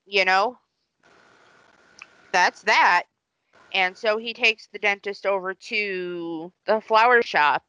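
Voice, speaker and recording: A woman's voice: medium pitch, bright, forceful tone, smooth, no echo. A woman co-hosting a podcast, casually retelling a movie plot with rambling asides and many fillers. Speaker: podcast co-host. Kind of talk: casual film recap.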